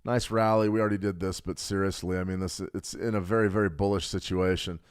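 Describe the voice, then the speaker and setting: A middle-aged man with a somewhat low voice runs a live trading stream. He talks fast and animated, moves between charts and answers chat messages with easy jokes. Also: clear, resonant tone. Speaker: trading show host. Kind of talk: live market analysis with chat replies.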